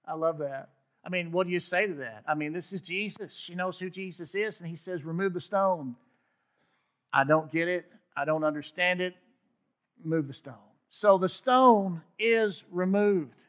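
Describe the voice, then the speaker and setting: A man's voice: fairly high pitch, normal speed, fairly bright tone. A man preaching a sermon, reading scripture aloud with emphatic asides. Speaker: pastor.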